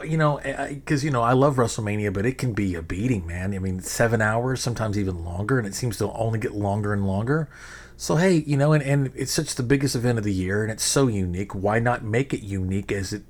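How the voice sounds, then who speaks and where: A middle-aged man hosting a podcast in a casual, rambling monologue, swearing freely and often restarting his sentences. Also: fairly low pitch. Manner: rambling, profane, frequent restarts. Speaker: podcast host.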